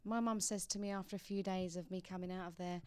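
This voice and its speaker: A woman's voice: on the low side, fairly even intonation, quick pace, darkish tone, smooth, no room sound. A young woman from England, a singer guest in a radio studio, chatting casually and laughing often.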